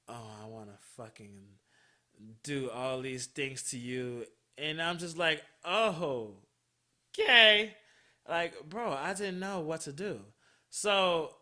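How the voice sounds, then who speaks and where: A male podcast host tells a personal story in a loose, chatty monologue. His voice has a very bright, sharp edge, and he takes his time, drawing out words. He swears freely and laughs along as he talks. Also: fairly high pitch.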